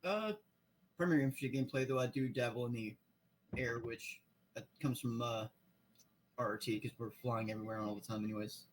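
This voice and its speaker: Male guest on a voice call, mid pitch, brief and hesitant. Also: steady tone, fairly quick, a little hiss or hum. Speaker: guest on voice chat. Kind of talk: casual chat.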